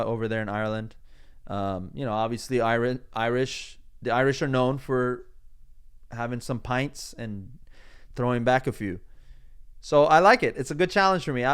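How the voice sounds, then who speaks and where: A man's voice: mid-range voice, clean tone. A man hosting his own podcast, talking alone in a casual, rambling, upbeat way with frequent restarts and the odd swear. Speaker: podcast host. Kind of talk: casual solo podcast monologue.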